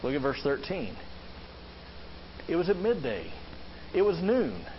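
A man's voice: fairly high pitch, very animated, unhurried. A man preaching a sermon as a pastor, earnest, often asking the listeners questions. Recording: slightly dull lo-fi sound with faint background hiss.

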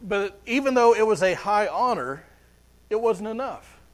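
A man's voice: high-pitched, animated, measured pace. A man preaching a sermon as pastor, earnest, often repeating words as he goes.

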